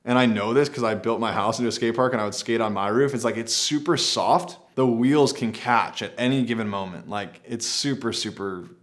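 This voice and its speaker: A man's voice: medium pitch, fairly quick, hardly any pauses. A man telling a personal adventure story to camera in a laid-back, rambling way, often saying "like".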